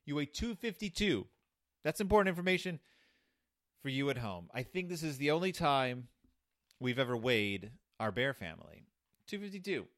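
A man's voice: mid-range voice, very animated, moderate pace, dry recording, studio quality. A man hosting a show, giving comedic commentary on a children's book, rambling with many restarts. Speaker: podcast host reviewing a children's book.

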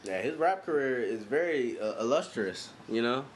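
A man's voice: medium pitch, expressive, moderate pace, a little hiss or hum. A man from co-hosting a podcast, telling loose, slangy, profane stories and jokes in casual chat. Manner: loose, joking, slangy storytelling. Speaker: podcast co-host.

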